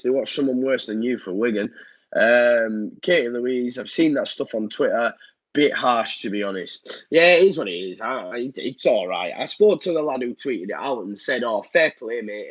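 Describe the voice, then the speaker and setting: Casual live-stream host, thirties, husky and nasal from a cold, dull lo-fi mic. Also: male voice, medium pitch, no echo. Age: 30s. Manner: rambling, frequent ums and repeats. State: blocked nose, downbeat. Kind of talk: casual live-stream chat reading comments. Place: home room.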